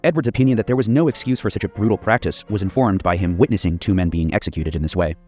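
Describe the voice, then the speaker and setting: A man reading scripted history documentary narration in a steady, measured way, including quoted accounts. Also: lowish voice, faint music behind.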